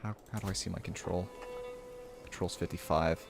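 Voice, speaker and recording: A man giving casual live commentary while streaming a strategy game, thinking out loud and reading the game's text aloud. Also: deep voice, fairly even intonation, normal speed, gravelly, over music.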